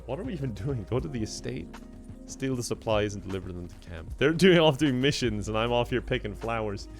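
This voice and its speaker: This game streamer talks briskly, his medium-pitched voice expressive, with soft music in the background. He rambles casually with viewers, often laughing and reading out chat donations to thank the donors.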